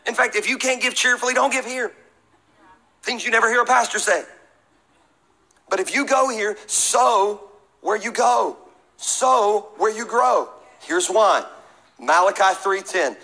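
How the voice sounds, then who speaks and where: A middle-aged man preaching a sermon in a high, bright voice. He mixes scripture reading with jokes and calls for the congregation to answer back. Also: moderate pace, pauses often, poor audio. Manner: preaching with humor and call-and-response. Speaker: pastor.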